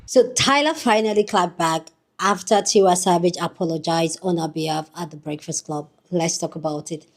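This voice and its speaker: A woman's voice: lowish voice, moderate pace. A woman hosting her own channel, chatting upbeat and straight to her viewers. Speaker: vlogger host. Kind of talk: casual commentary.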